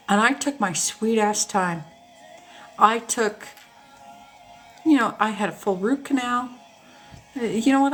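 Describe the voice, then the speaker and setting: A woman hosting a casual live stream, telling personal stories to her viewers in an animated, candid way and swearing freely. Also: fairly high pitch, a little slow, pauses often, faint music behind. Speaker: host. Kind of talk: casual storytelling chat to a live audience.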